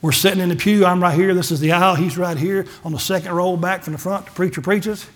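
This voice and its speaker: A man's voice: high-pitched, fairly even intonation, fast talker, a bit bright. A middle-aged man, a pastor giving a folksy testimony sermon and acting out the dialogue in his stories. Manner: folksy storytelling, acts out dialogue, gets emotional.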